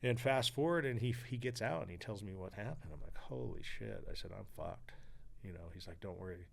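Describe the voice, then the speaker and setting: A podcast guest from California, a man in his forties, tells a story with energy in a storytelling interview, acting out other people's lines and swearing freely. His voice is on the low side, brisk, with lively intonation and vocal fry.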